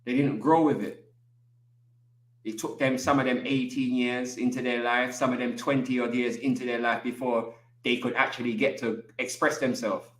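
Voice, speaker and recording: Animated man with street slang. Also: medium pitch, normal speed, echoey room. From England. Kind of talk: casual chat.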